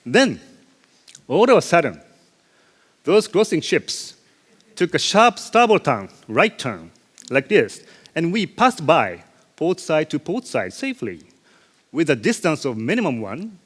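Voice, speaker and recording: A man speaks from a stage in a large conference hall, and the long reverb trails after his words. His pitch sits a little high and swings widely as he tells his story. He acts out the action with sound effects and laughs at himself along the way. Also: huge pitch swings, unhurried, long pauses, husky. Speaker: ship captain giving a conference talk.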